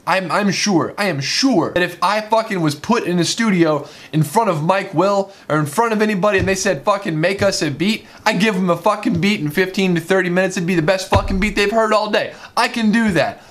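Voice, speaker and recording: A man's voice: high voice, a bit bright. A man, a musician and video creator, angrily ranting on his vlog, swearing often and repeating himself, sounding exhausted. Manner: heated, profane, repetitive ranting.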